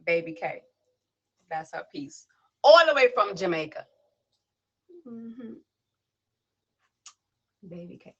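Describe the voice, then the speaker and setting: A woman's voice: fairly low pitch, sing-song, takes it slowly, pauses often, lo-fi sound. A woman hosting a poetry livestream who reads a spoken word piece and then chats casually, greeting viewers and people passing by name. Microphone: tablet device.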